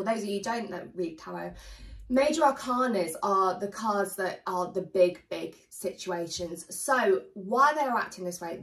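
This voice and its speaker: A woman tarot reader chatting casually to her viewers, a little hoarse as she starts losing her voice. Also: fairly low pitch, far from the mic, poor audio. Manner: chatty, animated, warmly addresses viewers. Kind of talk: casual tarot reading to camera.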